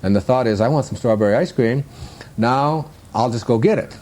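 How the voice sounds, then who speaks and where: A man's voice: medium pitch, moderate pace, darkish tone. A man with a Detroit accent, musing through a reflective interview and laughing at his own jokes. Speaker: self-help speaker.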